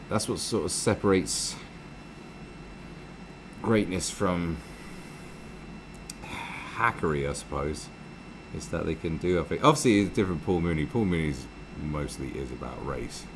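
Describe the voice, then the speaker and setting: A man's voice: very deep voice, background noise. A British man hosting a live stream, ranting casually and sarcastically with lots of swearing. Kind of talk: casual commentary rant.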